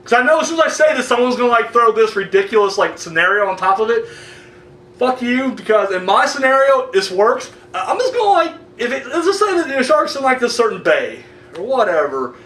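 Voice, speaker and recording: A man ranting casually to camera, animated and profane and jokey, with quick acted-out asides. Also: very high voice, roomy sound, far from the mic. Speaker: video blogger.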